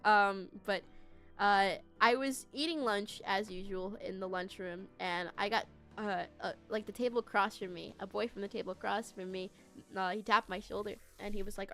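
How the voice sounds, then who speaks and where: A woman streaming as a VTuber, telling a story to her chat in a casual, animated way, laughing and swearing freely. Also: medium pitch, normal speed, faint music behind.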